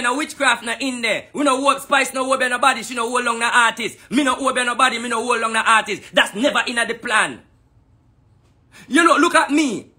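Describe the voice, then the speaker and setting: A man's voice: high-pitched, pushed and bright, breathy edge. A man with a Jamaican accent delivering a heated, profane rant in patois, full of repeated taunts. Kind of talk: angry ranting monologue.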